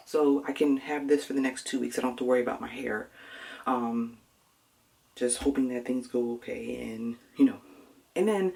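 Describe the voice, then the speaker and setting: A woman talking softly and hesitantly in a casual personal vlog, with many fillers and pauses. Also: extremely low pitch, gravelly. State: nervous, close to tears before surgery. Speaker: vlogger.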